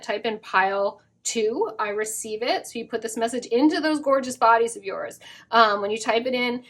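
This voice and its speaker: An effusive woman with a somewhat high voice gives a casual spiritual tarot reading straight to her viewers. Her talk rambles through many fillers and breaks into giggles now and then. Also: sharp tone. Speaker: tarot card reader.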